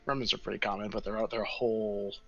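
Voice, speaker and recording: A man's voice: on the low side, steady tone, fast, gravelly, a bit bright, muffled recording, soft background music. A man narrating a tabletop game as game master in a casual, rambling way.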